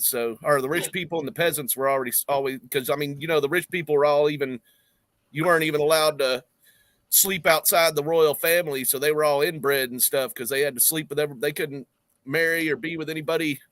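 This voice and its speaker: Bright-voiced Southern man, rambling. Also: on the high side, brisk, no echo. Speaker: podcast co-host. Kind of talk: casual chat.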